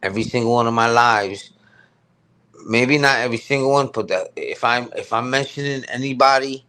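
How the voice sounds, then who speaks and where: A man's voice: medium pitch, pushed and bright. Man ranting on a live stream. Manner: heated, repetitive, slangy, keeps asking "you heard?". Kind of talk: casual live-stream rant.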